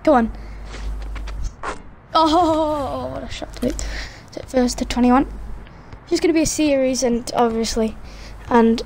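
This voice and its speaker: A woman giving excited, chatty commentary on her own basketball video game match, hosting her gaming channel from a room at home. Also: high voice, measured pace, long pauses, a little hiss or hum. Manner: excitable, chatty, cheers and groans at plays. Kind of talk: live gameplay commentary. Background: friends talking in the background.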